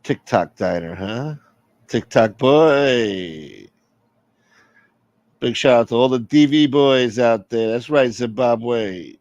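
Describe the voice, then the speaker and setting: Rambling New streamer, dry sound. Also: male voice, mid-range voice, measured pace, hardly any pauses, darkish tone, no room sound, lo-fi sound. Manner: rambling, reads out chat, joking. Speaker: livestream host. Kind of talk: casual livestream chat.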